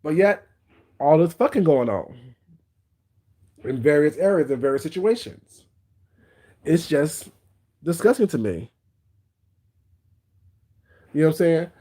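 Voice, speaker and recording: A man's voice: on the high side, sing-song, measured pace, pauses often, dark tone. A man hosting a casual livestream, giving blunt, gossipy commentary and greeting viewers by name. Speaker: livestream host.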